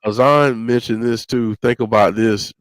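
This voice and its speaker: A man's voice: medium pitch, unhurried, no room sound. A man co-hosting a wrestling watch-along, chatting casually and chiming in with memories and agreement. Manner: relaxed, chimes in with agreement and recollections. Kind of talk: casual chat.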